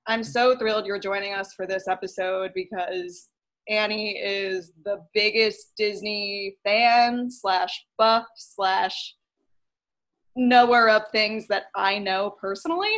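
A woman hosting a casual podcast, upbeat and quick to laugh. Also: medium pitch, fairly bright tone. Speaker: podcast host.

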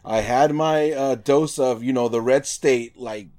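A man from Nevada telling a story in casual chat, animated and swearing, acting out quotes with lots of "like". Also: mid-range voice, measured pace.

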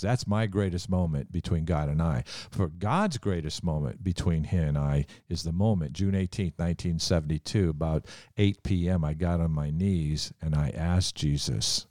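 A man's voice: low voice, darkish tone, no echo, studio quality. A man co-hosting a discussion about faith, speaking fervently, as if giving a testimony. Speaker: co-host. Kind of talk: casual chat.

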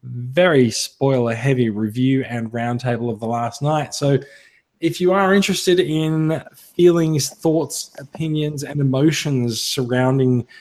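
A man's voice: medium pitch, unhurried, a little mellow. A man with an Australian accent hosting a casual podcast, chatty and prone to restarting phrases. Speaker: podcast host.

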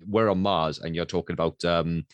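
Deep-voiced man in casual chat. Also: fairly even intonation, fairly quick, no echo, muffled recording. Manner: agreeable, backs up the other speaker. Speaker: podcast co-host.

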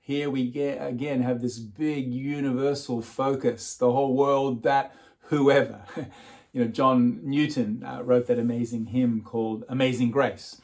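A man's voice: mid-range voice, level tone, unhurried, a little mellow. Chuckling man preaching an Easter sermon. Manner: chuckles often while preaching; repeats words as he starts phrases. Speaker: pastor.

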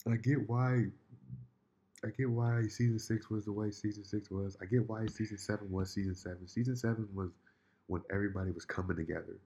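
A man in casual chat, telling a story in an animated, rambling way with many restarts. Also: fairly low pitch, brisk, highs cut off.

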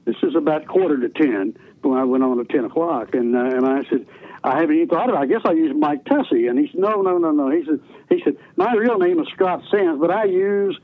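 With a voice on the high side, lively intonation and a slightly fast delivery, an older man recalls his radio career in folksy, rambling stories. He's a retired DJ being interviewed, restarting many times, and the sound is tinny phone-line radio audio.

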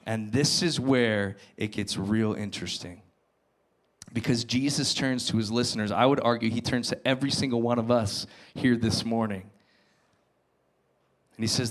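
A male pastor preaching to his congregation, retelling a parable with dramatic emphasis and quiet asides. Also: medium pitch, moderate pace. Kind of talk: sermon.

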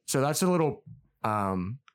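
A man's voice: medium pitch, big pitch swings, measured pace, clean tone. A man co-hosting a casual podcast, telling a long story and acting out the quoted dialogue, swearing freely. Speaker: podcast co-host.

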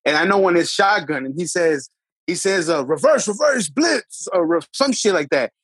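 A man's voice: a little high, fairly quick, no echo. A man telling a long profane football story to friends in a casual podcast chat, acting out other people's lines. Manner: profane, animated, acts out voices of others.

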